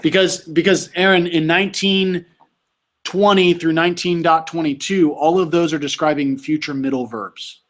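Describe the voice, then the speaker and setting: In a relaxed tutoring session, a man patiently quizzes students on Greek verb forms, often saying "you tell me." His voice is on the high side, his intonation fairly even, and his pace moderate.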